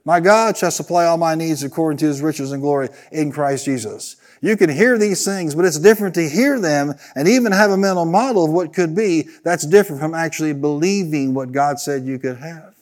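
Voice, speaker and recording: A pastor preaching with steady emphasis, his voice sitting on the higher side for a man. He hammers home lines by repeating them and calls on the congregation to answer back. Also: brisk, hardly any pauses. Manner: emphatic call-and-response preaching, repeating phrases. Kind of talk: sermon.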